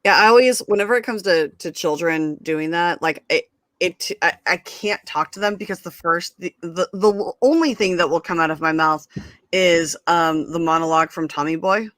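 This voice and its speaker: A woman in her thirties with a bright, forceful voice trades sarcastic, profane banter as a guest. Her voice sounds dry and close, with no room around it. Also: on the low side, moderate pace, no room sound. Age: 30s. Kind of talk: casual chat.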